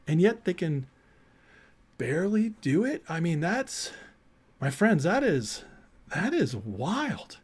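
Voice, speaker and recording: A man hosting a political livestream, talking excitedly and reading out viewer chat, swinging from loud emphasis to quiet, emotional lines. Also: on the high side, slow pace, pauses often, slightly rough. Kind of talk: live-stream commentary reading chat.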